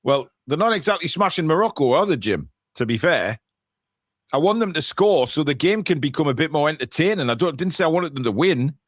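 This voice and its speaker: A man's voice: a little high, lively intonation, a little fast, dry recording, studio quality. A man co-hosting a live football watchalong, giving chatty play-by-play with jokey asides. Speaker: watchalong co-host. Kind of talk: live match watchalong commentary.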